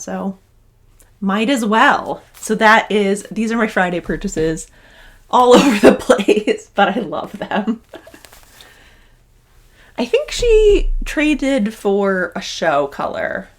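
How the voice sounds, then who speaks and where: A woman's voice: medium pitch, expressive, takes it slowly. A young woman chatting casually in her knitting vlog, gushing and rambling with restarts. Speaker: knitting vlogger and yarn dyer.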